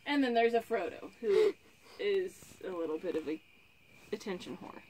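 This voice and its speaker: A woman's voice: mid-range voice, mellow, a little hiss or hum, poor audio. A woman reading a fantasy novel aloud and chatting casually between passages. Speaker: book reviewer.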